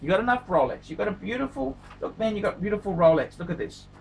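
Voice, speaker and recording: Hosting his own watch-review vlog, a man talks casually and emphatically off the cuff, repeating himself and mixing crude jokes with pleading asides. His voice sits high and is expressive, fast and creaky, with a little hiss or hum behind it.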